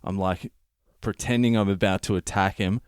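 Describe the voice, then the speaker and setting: A man with an Australian accent, a comedian telling a wild story in a profane, animated monologue. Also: sits low, moderate pace, clean tone, no echo, studio quality. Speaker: comedian and podcast host.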